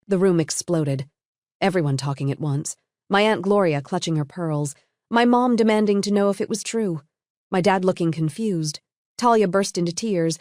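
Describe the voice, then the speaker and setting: Low-voiced woman narrating a story. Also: normal speed, no room sound, studio quality. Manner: even, first-person storytelling.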